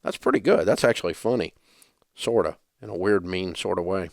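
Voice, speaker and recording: A man's voice: sits low, sing-song, fairly quick, creaky, dry recording. A middle-aged man with a Southern US accent, hosting a radio show in blunt, joking, dismissive banter on a studio microphone. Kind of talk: casual talk radio banter.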